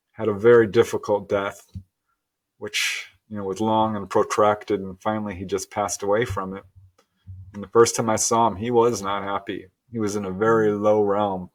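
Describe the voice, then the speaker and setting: Earnest man telling a vivid story. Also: on the low side. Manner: earnest, animated storytelling with frequent laughs. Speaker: guest. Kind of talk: storytelling interview.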